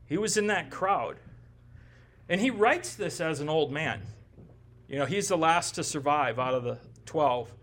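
With a voice on the high side, a bit bright and animated, this forties-aged pastor moves at a measured pace through an expository sermon. He keeps it conversational and emphatic, checking in often with "right?"

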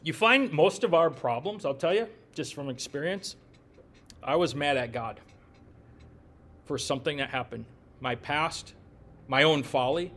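A middle-aged man, preaching in a loose, conversational way. His voice sits a bit high for a man. He asks the listeners questions and drops joking asides as he talks. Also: measured pace, pauses often, fairly bright tone. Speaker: pastor. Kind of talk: conversational sermon.

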